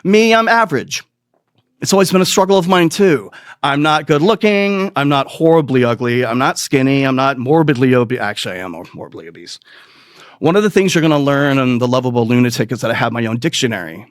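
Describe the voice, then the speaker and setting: A man's voice: mid-range voice, expressive, brisk, dry recording, studio quality. A man hosting a comedy podcast, telling crude, rambling stories in a profane, self-mocking way and laughing at his own jokes. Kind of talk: crude comic storytelling monologue.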